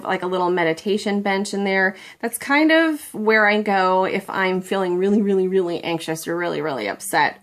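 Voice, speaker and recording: A woman's voice: fairly low pitch, fairly bright tone. A middle-aged woman chatting casually to the camera at home, rambling and a little self-deprecating. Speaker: beauty vlogger.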